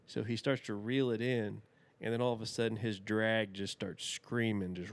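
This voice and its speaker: A man's voice: on the low side, fairly even intonation, normal speed, few pauses. A man in his thirties, a podcast guest telling a rambling, folksy story and laughing often. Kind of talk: casual storytelling.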